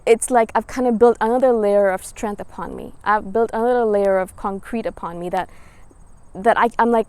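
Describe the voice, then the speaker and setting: A woman in her thirties with a slightly high voice speaks straight to her viewers in a relaxed vlog style. She is earnest and encouraging, and hammers home her advice through steady repetition. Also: no echo. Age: 30s. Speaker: spiritual vlogger. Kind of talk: casual motivational monologue.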